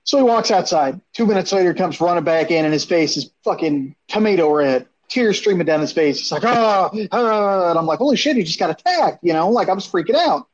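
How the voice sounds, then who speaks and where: A man casually telling a long, profane story, animated and acting out what people said. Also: fairly high pitch, fast, hardly any pauses. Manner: animated, profane, acts out quotes. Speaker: storyteller on a podcast. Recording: dull lo-fi sound.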